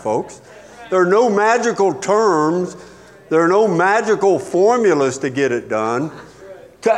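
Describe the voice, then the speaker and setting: A male pastor preaching a sermon in a church sanctuary, his voice a little higher than most men's. He is emphatic, rising to sharp peaks and dropping low to drive points home, and every word trails off into a long hall reverb. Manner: emphatic preaching with sudden rises and drops in pitch and volume.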